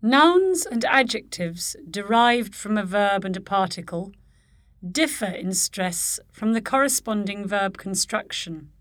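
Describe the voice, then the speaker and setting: A woman reading a pronunciation lesson, enunciating each word slowly and deliberately. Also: medium pitch, lively intonation, a bit bright, no room sound, studio quality. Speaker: pronunciation course reader. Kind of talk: slow, careful scripted reading of word lists.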